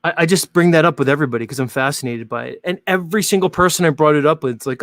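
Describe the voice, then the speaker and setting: A man's voice: fairly high pitch, lively intonation, fast talker, few pauses, fairly bright tone, no room sound, studio quality. A man hosting his own show, talking casually to viewers in a rambling, joking way full of fillers. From Northern Hemisphere. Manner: chatty, rambling, jokey, many "like" fillers. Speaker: host.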